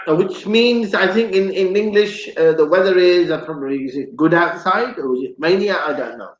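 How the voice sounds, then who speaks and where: Male talk show host, higher voice, slow chatty delivery, roomy dull-sounding room. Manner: chatty, jokey, repeats words. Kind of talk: live radio talk show.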